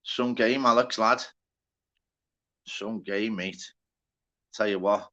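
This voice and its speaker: A man's voice: on the low side, fairly even intonation, slow, bright, forceful tone, highs cut off. A man with a Liverpool accent hosting a casual live stream, chatty and sweary, greeting viewers by name. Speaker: livestream host.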